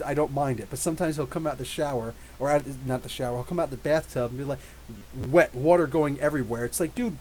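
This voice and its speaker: A man in his thirties hosting a live podcast, reading out chat messages and rambling animatedly with quick asides and frequent laughs. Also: mid-range voice, darkish tone, a little hiss or hum, low-quality recording. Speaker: podcast host. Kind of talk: live stream chat reading super chats.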